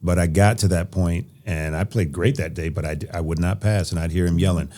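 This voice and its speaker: A man from Nebraska, a podcast guest, telling stories from his past in an animated way with an occasional laugh. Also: deep voice, fairly quick, few pauses. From Nebraska, USA. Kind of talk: casual interview storytelling.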